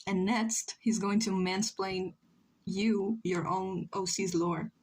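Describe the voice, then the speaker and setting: A woman's voice: medium pitch, fairly even intonation, takes it slowly, a little mellow, a little hiss or hum. A young woman from Chile, chatting casually and joking with her chat while she draws on a livestream. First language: Spanish. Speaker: streamer.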